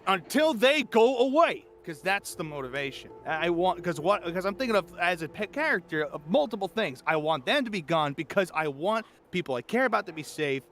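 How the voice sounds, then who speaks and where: A man's voice: a little high, animated, brisk, few pauses, a bit bright. A voice actor talking casually in a stream interview, explaining his craft thoughtfully with frequent restarts. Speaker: voice actor guest.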